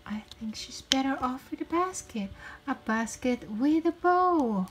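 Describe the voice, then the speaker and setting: A woman's voice: sits high, lively intonation, measured pace, rough recording. A young woman hosting a casual toy unboxing video, chatty and giggly with cheerful exclamations. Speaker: toy unboxing channel host. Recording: packaging crinkles and clicks throughout. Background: crinkling packaging.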